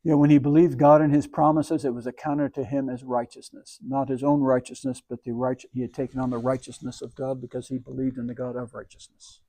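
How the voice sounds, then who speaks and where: A man leads a religious service, reading scripture aloud and then teaching Hebrew words letter by letter. His voice is warm and mellow, sitting at a middle pitch. He explains patiently, breaking each word into its sounds. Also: little pitch movement, a little fast, hardly any pauses.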